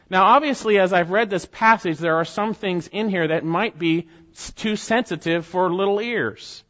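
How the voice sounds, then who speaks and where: A man preaching a sermon as pastor, reading scripture aloud and explaining it in an earnest, deliberate way with gentle asides. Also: sits high. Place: church sanctuary. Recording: long reverb, dull lo-fi sound.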